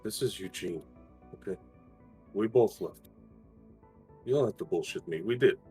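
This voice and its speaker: A man's voice: fairly low pitch, moderate pace, warm tone, soft background music. A man playing a tabletop role-playing game, earnest and intense, swearing freely. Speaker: player.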